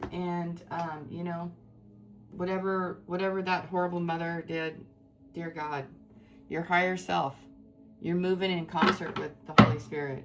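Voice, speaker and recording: A woman's voice: lowish voice, flat delivery, moderate pace, over loud music. Effusive woman doing a tarot reading. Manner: effusive, spiritual, rambling and emotional. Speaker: tarot reader.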